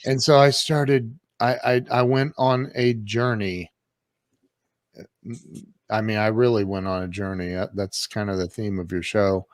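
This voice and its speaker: A man's voice: on the low side, steady tone, measured pace, no room sound, studio quality. A man in his fifties, a podcast guest, telling his life story in a candid, emphatic way, acting out past conversations. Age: 50s. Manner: candid, emphatic, acts out quoted exchanges. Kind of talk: casual storytelling in an interview.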